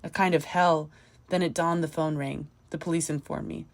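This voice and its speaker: A woman's voice: sits low, steady tone, normal speed, creaky. A woman reading the part of a feverish, grieving widower who broods and sinks to a near whisper. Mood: bitter. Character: feverish grieving middle-aged man, obsessive widower.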